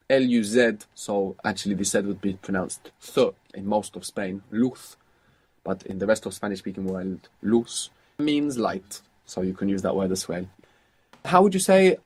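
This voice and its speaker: Husky man teaching patiently. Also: medium pitch. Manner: patient, prompting, explanatory. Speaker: language teacher. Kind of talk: guided language lesson.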